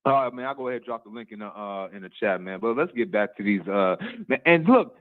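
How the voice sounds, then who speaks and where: A man's voice: fairly low pitch, lively intonation, fast. A man guest on a call-in show, ranting in an exasperated way and repeating himself as he goes. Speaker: guest podcaster. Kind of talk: casual ranting commentary. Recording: tinny phone-like line.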